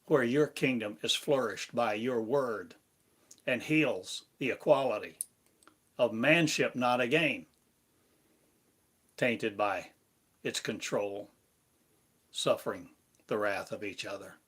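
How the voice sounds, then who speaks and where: A man giving a meditative spiritual lesson, speaking in slow, repetitive, incantatory phrases. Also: medium pitch, fairly bright tone, breathy edge. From United States. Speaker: spiritual teacher.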